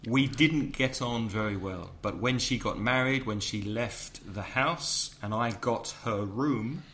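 A middle-aged man from England co-hosting an English lesson podcast, drilling example phrases slowly like a teacher. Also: fairly low pitch, fairly bright tone, slight background noise.

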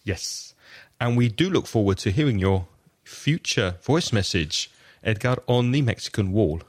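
Male podcast co-host, lower pitch, patient explanatory teaching delivery. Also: animated, measured pace. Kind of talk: friendly English-teaching podcast talk.

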